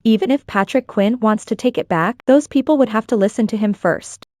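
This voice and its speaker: A woman's voice: fairly high pitch, fairly quick, darkish tone, no echo, studio quality, lightly acted. Scornful spiteful woman, an actress. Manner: dismissive and scornful. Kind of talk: dubbed drama acting.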